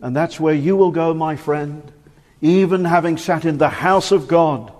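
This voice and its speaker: A man in his forties preaching a fervent sermon in a church, swinging from emphatic declarations to hushed, grave warnings. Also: on the high side, measured pace. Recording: reverberant church hall.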